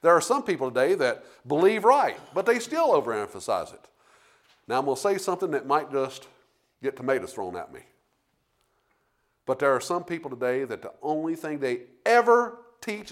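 A man's voice: mid-range voice, big pitch swings, normal speed, pauses often. A man preaching a sermon, rambling through restarts and then building to emphatic points.

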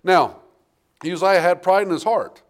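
A man preaching a sermon, reading King James scripture and calling out to the congregation, with big swings between loud and quiet. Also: high-pitched, a little slow. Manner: animated preaching with big swings in loudness, asking the congregation "Amen?".

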